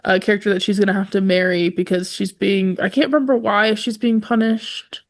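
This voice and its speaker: A woman's voice: medium pitch, fairly even intonation, brisk. Giggly young woman chatting about books. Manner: giggly, rambling, lots of fillers and laughs. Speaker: podcast co-host. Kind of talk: casual book chat.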